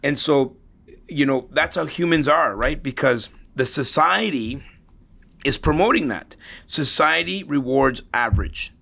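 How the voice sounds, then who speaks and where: A middle-aged podcast guest tells anecdotes in a casual interview, his mid-range voice animated, unhurried, bright, and forceful, with vocal fry. He often repeats and restarts words as he goes.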